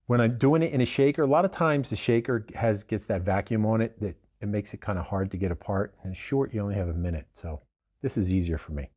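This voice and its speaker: A man's voice: lowish voice, fast, a little mellow. A man hosting a casual cocktail demonstration, talking in a chatty, digressive way and correcting himself as he goes. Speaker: bartender host.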